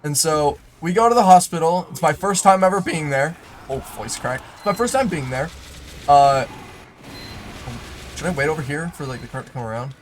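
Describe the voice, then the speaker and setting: A man's voice: a little high, animated, moderate pace, a little hiss or hum. A young man telling a rambling personal story while playing a game, full of fillers, restarts and sudden in-game remarks. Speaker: gaming YouTuber. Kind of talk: storytelling over live gameplay.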